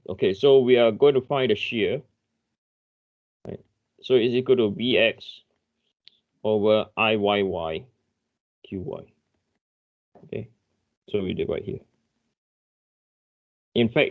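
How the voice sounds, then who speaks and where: A man's voice: on the low side, phone-quality sound. A man lecturing an engineering class online. He thinks aloud, apologizes often and restarts his sentences.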